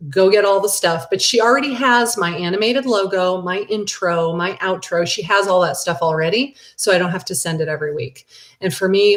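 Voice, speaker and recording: A middle-aged woman, a real estate agent, teaching a casual live class and answering viewer questions in a chatty, animated way. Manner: chatty and animated, with big excited jumps in pitch.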